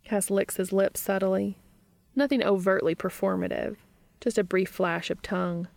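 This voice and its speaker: A woman narrating a fan fiction story aloud in a steady reading voice. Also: mid-range voice, normal speed, creaky, dry recording.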